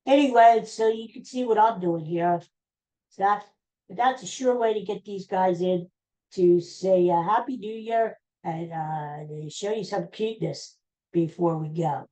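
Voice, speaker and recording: A woman hosting a podcast, chatting casually in an excitable, rambling way. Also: on the low side, a little slow, poor audio. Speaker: podcast host. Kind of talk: casual rambling chat to camera.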